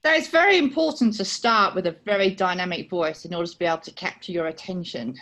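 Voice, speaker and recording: Brief: middle-aged British woman with a slight Aussie twang, soft-spoken storyteller, talking over a video call. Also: fairly low pitch, animated, fast. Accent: British with a slight Australian twang. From United Kingdom. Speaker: guest speaker. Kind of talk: personal story for a speaking club.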